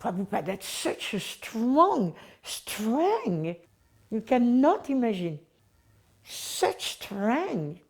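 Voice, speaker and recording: Slow French-accented woman reminiscing. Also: a little high, sing-song. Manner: halting, emphatic, searching for English words. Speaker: devotee recalling memories. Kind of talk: personal reminiscence.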